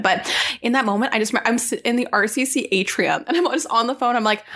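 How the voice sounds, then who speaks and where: A young woman in her twenties from Canada, telling animated stories in casual chat as a content creator, full of fillers. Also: a little high. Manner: fast, animated storytelling with many fillers.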